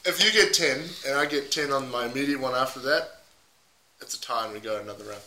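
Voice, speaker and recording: A man's voice: medium pitch, quick pace, sharp tone, a little hiss or hum. A man co-hosting a podcast with casual, laughing banter and keeping score of a game. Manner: laughing, joking, keeps score. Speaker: podcast co-host. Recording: roomy echo.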